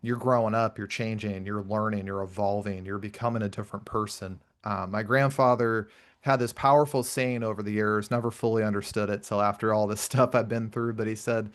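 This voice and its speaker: A man in his thirties hosting a conversational podcast, with a fairly low voice. He is earnest and reflective, weaving personal stories into the talk. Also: fairly even intonation, fairly quick. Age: 30s. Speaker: podcast host. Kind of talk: conversational interview.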